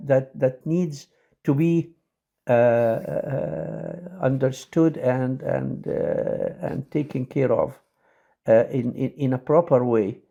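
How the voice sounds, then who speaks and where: Halting male lecturer with many fillers. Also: mid-range voice, creaky, mellow, lo-fi sound. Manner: says example sentences quickly. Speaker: teacher.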